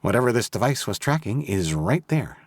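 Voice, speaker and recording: A man's voice: medium pitch, sing-song, fairly quick, no echo, studio quality, voice pushed up. A man voicing an eager, nerdy male computer expert. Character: nerdy greedy male ex-FBI hacker.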